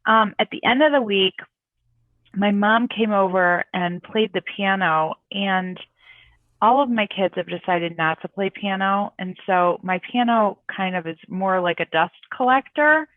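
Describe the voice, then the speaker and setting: A woman's voice: medium pitch, measured pace, no echo. Middle-aged female co-host heard over a tinny remote line, reflective and encouraging. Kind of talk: casual chat. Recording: dry tinny phone-like call audio.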